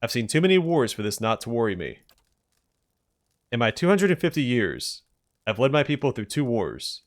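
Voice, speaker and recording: A man reading out the lines of a proud, grim old male tribal chieftain in a stern, measured way. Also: mid-range voice, sing-song, lightly acted.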